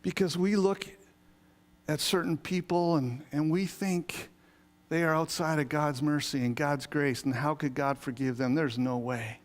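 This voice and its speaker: A man, an associate pastor, preaching a sermon in a conversational yet emphatic way, with sudden swells of excitement. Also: fairly high pitch, measured pace. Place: church sanctuary.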